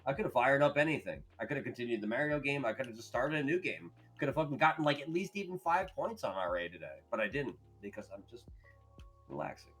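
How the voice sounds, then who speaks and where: A man's voice: mid-range voice, animated, fairly bright tone, faint music behind. Rambling, profane podcast co-host man. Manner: rambling, profane, quick to laugh. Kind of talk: casual podcast chat.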